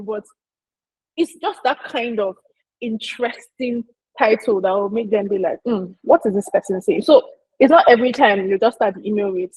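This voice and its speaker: A woman's voice: a little high, a little mellow, slightly rough, no echo, rough recording. A woman giving an informal marketing lesson, chatty and emphatic, speaking straight to her listeners. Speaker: business marketing presenter. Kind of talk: informal teaching talk.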